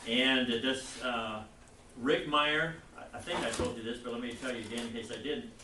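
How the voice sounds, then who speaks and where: A man teaching a Bible class, lecturing in a rambling, halting way and putting questions to the class. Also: mid-range voice, steady tone, background noise. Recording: echoey classroom recorded from far off.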